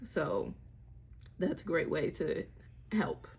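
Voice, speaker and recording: A woman's voice: low-pitched, big pitch swings, slow pace, vocal fry, darkish tone, breathy edge. A young mother, chatting candidly and wryly about parenting in a casual vlog. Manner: candid, wry, slangy, breaks into playful voices. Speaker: mother sharing parenting tips. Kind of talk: casual chat.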